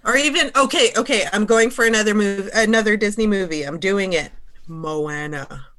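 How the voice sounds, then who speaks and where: A woman in casual conversation, talking in an animated, chatty way with lots of fillers. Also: mid-range voice, moderate pace. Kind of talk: casual chat.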